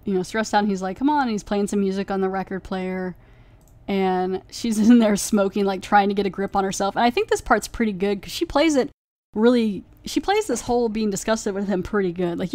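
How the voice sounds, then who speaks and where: A woman hosts a podcast, casually reviewing an episode and rambling through its plot with plenty of "like" fillers. Her medium-pitched voice has a darkish tone, with no room sound in the recording.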